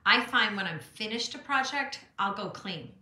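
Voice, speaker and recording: Middle-aged woman, art teacher hosting a phone live stream from home, bright chatty voice, echoey room. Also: medium pitch, expressive, normal speed. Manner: bubbly and chatty, greets viewers by name, laughs often. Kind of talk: casual live-stream chat. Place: home art studio, indoors. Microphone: phone camera.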